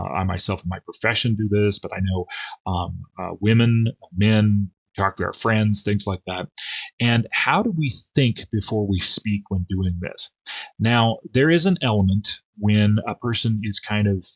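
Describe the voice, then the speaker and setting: Pastor, male, low husky voice, dull lo-fi sound, reads scripture then talks it through loosely. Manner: reads scripture then speaks off the cuff with fillers. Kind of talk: devotional sermon.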